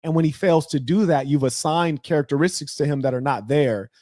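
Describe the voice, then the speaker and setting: A man's voice: on the high side, a little fast, a little mellow, no room sound, studio quality. A man hosting a casual livestream, talking loosely with slang and mocking asides. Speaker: livestream host.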